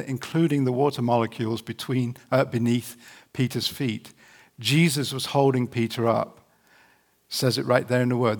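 Earnest man preaching. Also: medium pitch. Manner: conversational, earnest, slows down to read scripture. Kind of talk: sermon to camera. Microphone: camera facing speaker.

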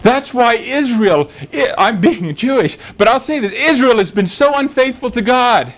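A man's voice: very high voice, lively intonation, normal speed, fairly bright tone, poor audio. A man preaching a sermon, emphatic and fond of rhetorical questions.

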